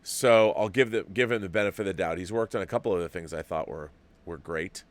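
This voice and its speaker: A man's voice: low-pitched, brisk, dry recording. A middle-aged man hosting a movie talk show, chatting casually and rambling with frequent restarts as he reads viewer messages. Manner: rambling, restarts with repeated words. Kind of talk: casual livestream commentary, reading viewer chats.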